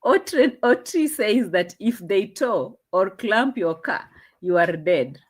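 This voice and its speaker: A woman's voice: on the low side, lively intonation, takes it slowly, husky. A young Kenyan woman with a Kenyan accent, chatting in a casual commentary vlog in a mocking tone, laughing often. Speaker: vlogger.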